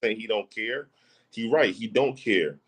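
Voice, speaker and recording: Low-voiced man in casual emphatic chat. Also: a little slow, fairly bright tone, slightly rough, poor audio. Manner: emphatic, repeats phrases, often asks "you know what I'm saying". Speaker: guest.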